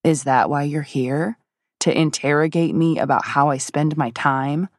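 A woman narrator voicing a reclusive, grieving man who speaks in a raspy, gruff, clipped way. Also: sits low, fairly even intonation, a little slow, dry recording, studio quality. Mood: defensive. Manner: growling, clipped and dismissive.

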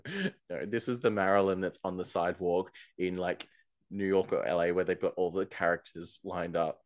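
A man's voice: low voice, steady tone, normal speed. A man co-hosting a podcast, chatting casually and gossiping about a TV show, laughing often. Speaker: podcast co-host recapping a TV show. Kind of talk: casual chat.

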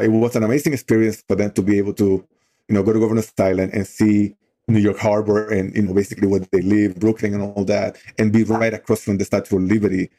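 A man's voice: lowish voice, gravelly, warm tone. A middle-aged man leading a youth outdoor program, telling a story in a loose, conversational way with lots of "you know" fillers.

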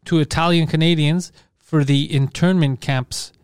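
A man co-hosting a casual podcast who jumps in with quick jokes and crude banter. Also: fairly high pitch, fairly even intonation, clean tone, no room sound, studio quality. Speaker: podcast co-host.

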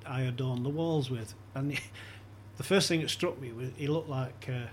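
A man's voice: mid-range voice, fairly even intonation, normal speed, a little hiss or hum. A man as a podcast guest, telling anecdotes in casual chat and chuckling often as he talks.

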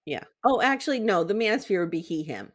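Woman co-host of a chatty podcast, mid pitch, relaxed, reading her research with small stumbles. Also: quick pace. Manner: reads research notes aloud, stumbles over words. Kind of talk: casual podcast chat.

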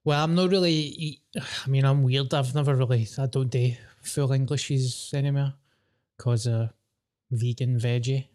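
Scottish bloke, swears, takes the piss out of himself, chill chat. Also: male voice, mid-range voice, fairly even intonation, measured pace, a little mellow. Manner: self-mocking, sweary. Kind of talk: casual chat.

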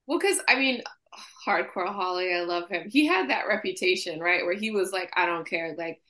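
A woman's voice: mid-range voice, animated, normal speed, a bit bright. A woman with a Boston accent co-hosting a podcast, enthusiastic and chatty. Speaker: podcast co-host. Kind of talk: casual chat.

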